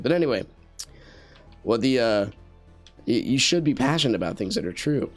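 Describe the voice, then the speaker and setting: A man's voice: mid-range voice, lively intonation, a little fast, pauses often, soft background music. A man giving casual commentary while playing a game, talking in an earnest, rambling way with many restarts and fillers into a USB studio microphone. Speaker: gameplay commentator.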